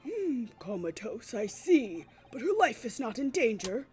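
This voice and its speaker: A woman's voice: fairly high pitch, sing-song, measured pace, a little mellow. A woman voicing a fussy elderly male judge in a game, ponderous and hesitant.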